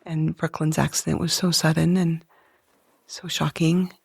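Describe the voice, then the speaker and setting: Gravelly, flat-voiced woman host. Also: deep voice, no echo. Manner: careful, halting questions with restarts. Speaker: podcast host. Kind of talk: interview questions.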